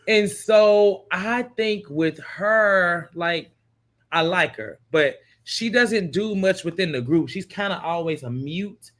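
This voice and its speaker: A man with a fairly high voice co-hosts a loose, casual recap chat. He talks in rambling, laughing asides and trails off mid-thought. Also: a bit bright. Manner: chatty, laughing, drawn-out asides. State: yawning. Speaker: podcast co-host.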